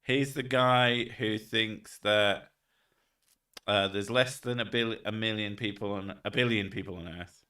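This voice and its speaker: A man's voice: fairly low pitch, fairly even intonation, a little slow, sharp tone, far from the mic. A man streaming live, chatting casually, swearing often and laughing between rambling thoughts. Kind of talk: casual livestream chat.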